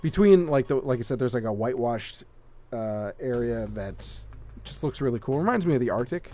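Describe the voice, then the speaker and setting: A man co-hosting a casual gaming podcast, rambling with lots of fillers and getting excited about what he likes. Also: mid-range voice, brisk, slight background noise. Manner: rambling, filler-heavy, enthusiastic. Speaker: podcast co-host. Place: home room with a shelf of collectibles.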